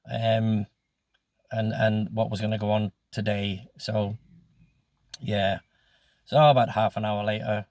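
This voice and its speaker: A man's voice: fairly low pitch, no room sound, studio quality. A man in his sixties telling his life story in a casual, rambling way, swearing freely with many ums. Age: 60s.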